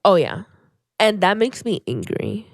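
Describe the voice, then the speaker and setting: A woman's voice: medium pitch, big pitch swings, unhurried, vocal fry, dry recording. A woman in the middle of her range, co-hosting a casual podcast. She speaks candidly and pokes fun at herself. The sound is dry and close to the mic. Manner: candid, self-deprecating. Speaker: podcast co-host. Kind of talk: casual chat.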